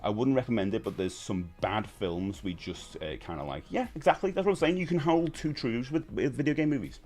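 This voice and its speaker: A man's voice: medium pitch, animated, a little fast, a little mellow, faint music behind. Chatty man in his fifties. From United Kingdom. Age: 50s. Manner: chatty, rambling, reads out viewer messages. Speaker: livestream host. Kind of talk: casual live-stream chat.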